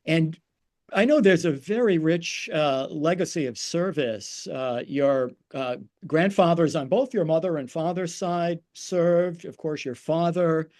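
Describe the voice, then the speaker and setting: A man hosting an interview, asking questions in a measured, reflective way with frequent fillers. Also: fairly high pitch, darkish tone. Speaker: podcast host, interviewer.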